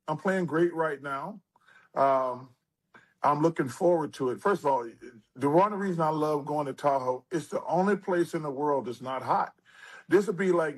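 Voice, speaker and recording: Older male guest, husky, slightly high-pitched, animated casual storyteller. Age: 60s. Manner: animated storyteller, drawling, lively asides. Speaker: interview guest.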